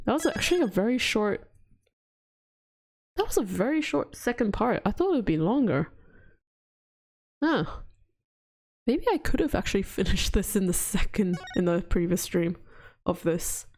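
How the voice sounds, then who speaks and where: A woman's voice: medium pitch, big pitch swings, moderate pace, long pauses, a little mellow. A woman streaming a game, chatting casually with frequent laughs and a chatty, rambling manner. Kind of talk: casual livestream chat.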